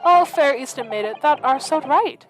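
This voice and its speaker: A woman's voice: high voice, expressive, normal speed, over music, voice pushed up. A woman voicing an old male actor who declaims archaic verse in a grand, theatrical manner.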